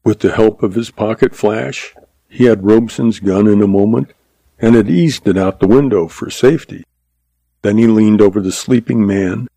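A man in scripted narration, telling a western story at a steady pace. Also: fairly low pitch, no echo, low-quality recording. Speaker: audiobook narrator.

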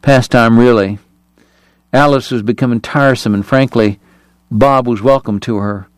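Guy reading an audiobook, steady and calm, dry close mic. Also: mid-range voice, moderate pace, clear, resonant tone, no echo. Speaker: narrator. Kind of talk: audiobook narration.

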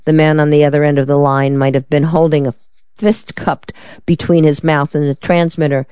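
Audiobook narrator, smooth voice, dry muffled recording. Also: mid-range voice, level tone, moderate pace, a little mellow, no echo. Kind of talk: scripted narration.

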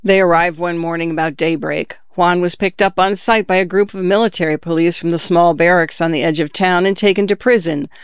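Male audiobook narrator: high, crisp, dry studio read. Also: dry recording. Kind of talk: scripted narration.

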